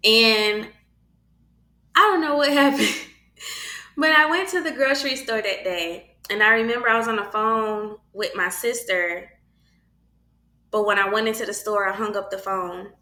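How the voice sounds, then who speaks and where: A woman tells her own faith story in a relaxed, conversational way, lively and expressive as she slips into the voices of others. Her tone is bright and forward. The sound carries a noticeable room echo. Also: mid-range voice, normal speed, long pauses. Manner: animated, acts out quoted voices. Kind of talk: casual personal storytelling.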